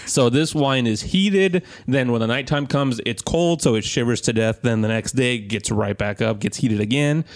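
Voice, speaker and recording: A man in his thirties co-hosting a podcast, telling an animated story in casual chat and swearing freely. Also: medium pitch, moderate pace, hardly any pauses. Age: 30s. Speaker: podcast co-host.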